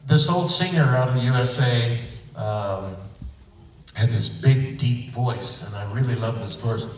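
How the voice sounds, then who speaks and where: Recorded on a distant mic in an echoey convention auditorium with soft background music, an older man who voices characters spins rambling, playful stories at his own expense. He speaks at a medium pitch, a little slowly.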